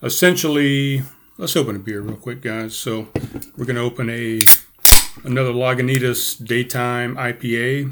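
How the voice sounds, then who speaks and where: A man's voice: medium pitch, steady tone, normal speed, noisy background. Rambling man on a casual livestream. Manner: rambling, self-correcting, laughing at himself. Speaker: podcast host. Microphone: headphones and camera, live stream.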